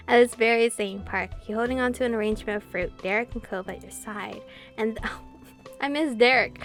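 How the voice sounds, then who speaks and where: A young woman streamer reading a visual novel aloud, with giggly, excitable reactions. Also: a little high. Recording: faint game music behind.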